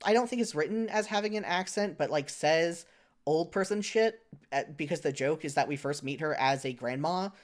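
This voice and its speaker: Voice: medium pitch, moderate pace. A podcast co-host in casual chat, rambling with lots of "like" and frequent self-corrections.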